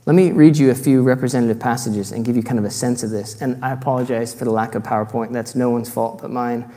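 A man's voice: mid-range voice, fairly even intonation, quick pace, hardly any pauses, warm tone, in a large hall. A man giving an earnest teaching sermon, reading scripture passages aloud and adding light self-deprecating asides. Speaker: preacher.

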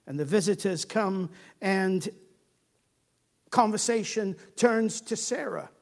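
High-voiced man preaching a story. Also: unhurried, vocal fry, darkish tone. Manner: conversational storytelling. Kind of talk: sermon.

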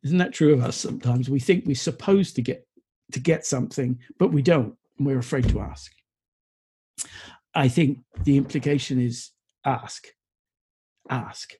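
A man preaching a sermon, earnest and sometimes stumbling over his words, dropping into quiet reflection. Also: mid-range voice, unhurried, pauses often, slightly rough.

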